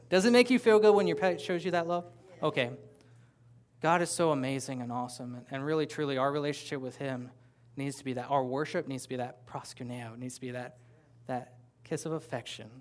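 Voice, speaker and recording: A man's voice: medium pitch, a little fast. A man preaching a sermon as pastor, talking conversationally with playful asides to the congregation. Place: church sanctuary with a congregation.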